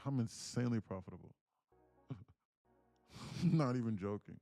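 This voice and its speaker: A man livestreaming his day trading, telling stories in a slangy, animated way at home. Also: mid-range voice, fairly quick, gravelly, pauses often, faint music behind. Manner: animated storytelling, slangy, calls people bro. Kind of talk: casual livestream chat.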